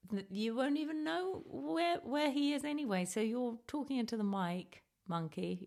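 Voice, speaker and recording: Gravelly-voiced woman in her fifties. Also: a little high, normal speed, few pauses. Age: 50s. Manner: chatty, self-deprecating, lively. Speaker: podcast host and ventriloquist. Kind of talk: casual comedic chat.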